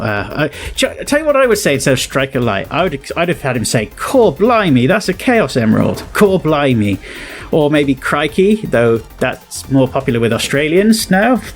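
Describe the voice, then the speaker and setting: Rambling British man chatting. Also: medium pitch. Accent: British English. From Britain. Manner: rambling, chuckling, self-correcting. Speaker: YouTuber. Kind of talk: casual reaction commentary.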